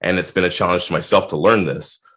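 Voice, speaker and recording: A man speaking as a guest in a casual video-call chat, earnest and animated as he acts out what other people said to him. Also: low-pitched, fast. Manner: earnest, animated retellings with lively quoted voices.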